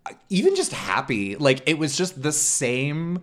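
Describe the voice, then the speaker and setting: A man's voice: fairly high pitch, sing-song, a bit bright. A man hosting a podcast, talking casually about a film with many "um"s and "like"s and frequent laughter. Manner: halting, many fillers, laughs often. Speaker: podcast host.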